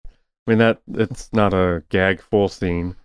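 Very deep, flat-voiced man. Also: slow, clean tone, no room sound. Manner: brief agreeing replies, flat delivery. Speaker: podcast co-host. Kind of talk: casual chat.

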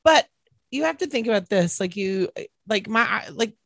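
A man's voice: high voice, expressive, normal speed, vocal fry, a bit bright, no echo. A young adult man, a drag queen co-hosting a podcast, chatting playfully, laughing often and swearing freely. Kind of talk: casual banter.

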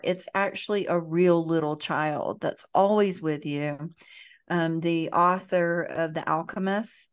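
Low-pitched woman guest, earnest and chatty. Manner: warm, earnest, speaks with many fillers and restarts. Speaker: guest, emotional healing educator. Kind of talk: casual interview talk. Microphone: video call.

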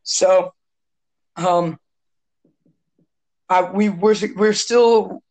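Young man, podcast host, hoarse, throat clearing, slightly high pitch. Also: fairly even intonation, extremely slow, a little mellow, low-quality recording. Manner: rambling, frequent throat clearing. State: hoarse from asthma. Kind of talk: casual podcast chat.

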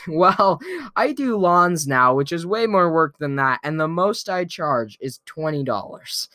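A man tells a childhood story to his viewers in a relaxed, playful way and often chuckles. He talks slowly and draws out his words. His voice is bright and clean, and the sound is dry and close. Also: a little high, no room sound. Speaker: vlogger telling a weekly story. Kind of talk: casual storytelling to camera.

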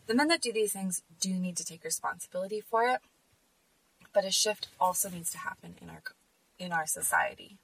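A woman's voice: on the low side, husky, distant mic, rough recording. A woman hosting a podcast, speaking in an earnest, emphatic personal monologue. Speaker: podcast host.

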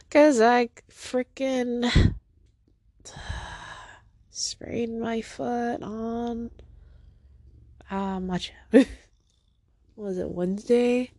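A woman's voice: a little high, a little mellow, dry recording, clean studio sound. A woman hosting her own podcast in a casual, rambling solo monologue from home, teary after crying, self-deprecating and stopping to talk to her cat. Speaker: podcast host.

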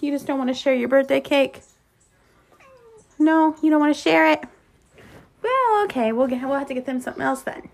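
High, sing-song woman coaxing her cat. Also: creaky, a little mellow, slight background noise. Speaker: pet owner and podcast host. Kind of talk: baby talk to a pet cat.

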